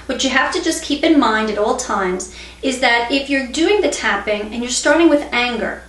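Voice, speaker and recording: A woman's voice: on the high side, animated, normal speed, a bit bright. Woman teaching in an echoey room. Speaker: EFT instructor. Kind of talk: instructional explanation with demonstration phrases. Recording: echoey room, mic at a distance.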